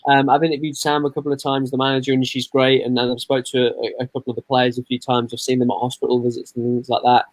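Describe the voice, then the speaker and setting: A man's voice: mid-range voice, monotone, quick pace, few pauses, no echo, rough recording. A man who works as a radio presenter, answering interview questions in a chatty, friendly, self-deprecating way.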